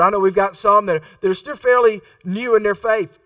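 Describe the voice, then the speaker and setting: A man's voice: sits high, fairly quick, sharp tone, no room sound, recorded from a distance, lo-fi sound. A middle-aged man preaching a sermon in a conversational style, repeating phrases for emphasis and acting out the voices in his stories. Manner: acts out quoted voices in his storytelling.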